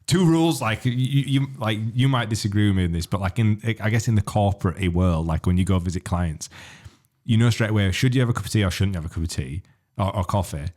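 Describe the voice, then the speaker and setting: A man's voice: lowish voice, fast, a little mellow. A man, co-hosting a podcast, rambling through stories and laughing often. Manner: rambling storyteller, laughs often, many restarts. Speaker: podcast co-host. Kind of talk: casual chat.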